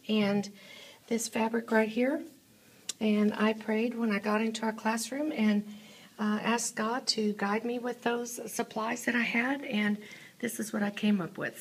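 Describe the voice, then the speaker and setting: A woman with a husky, gravelly voice chats her way through a church classroom she decorated, pausing often with ums and uhs. She sounds a little out of breath, recorded on a handheld phone indoors. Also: fairly high pitch, fairly even intonation. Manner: chatty, halting, lots of ums and uhs. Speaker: church class decorator giving a room tour. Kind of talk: casual walkthrough vlog.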